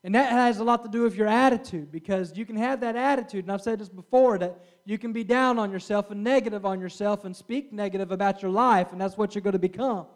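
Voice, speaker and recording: A man's voice: high-pitched, fast, few pauses. A middle-aged man preaching a sermon in an earnest way, often stopping for an amen and restarting his words. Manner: earnest, with frequent amens and restarts.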